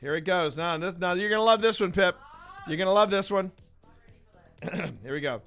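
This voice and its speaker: A man's voice: high voice, animated, brisk, a bit bright, soft background music. A man hosting a live stream in a casual, rambling, playful way, chatting to his viewers and to his cats. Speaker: host.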